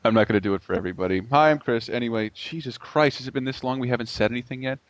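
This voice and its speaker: A man's voice: medium pitch, very fast, no echo. A man hosting a casual podcast chat, loose and joking as he steers the segments. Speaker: podcast host. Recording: dull, dry podcast recording.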